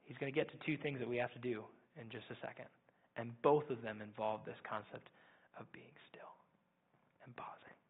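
A young man preaching a sermon as pastor, quick and energetic, often asking "right?". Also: medium pitch, breathy edge. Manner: fast-talking, energetic, repeats "right?". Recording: tinny phone-like sound.

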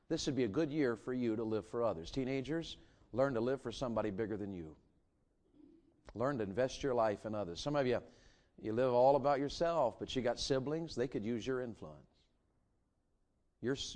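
A man's voice: medium pitch, a little mellow. A middle-aged man, preaching a sermon and firing rhetorical questions at his congregation. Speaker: pastor.

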